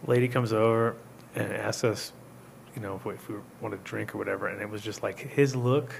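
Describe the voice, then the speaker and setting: A man's voice: fairly low pitch, fairly even intonation, fairly quick, gravelly, slight background noise. A man from Rhode Island hosting a show, telling rambling, laughing stories in casual, swearing chat. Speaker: host.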